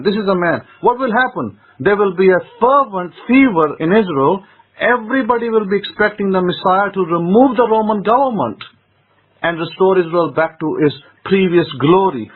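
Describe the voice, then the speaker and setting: A man's voice: high-pitched, husky. A man teaching scripture as a rabbi, emphatic, often repeating phrases and asking rhetorical questions. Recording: tinny phone-line sound.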